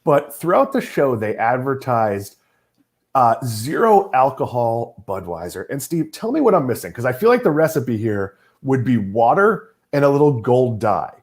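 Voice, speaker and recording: Lively, wry middle-aged man hosting. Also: mid-range voice, moderate pace. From Massachusetts. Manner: wry, teasing. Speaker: host. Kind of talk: casual chat.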